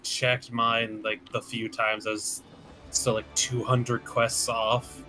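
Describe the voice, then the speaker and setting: A man chatting casually over a game, explaining details helpfully in a bright, crisp voice. Faint music plays behind him. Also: mid-range voice, completely flat delivery, slow. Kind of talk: casual gaming chat.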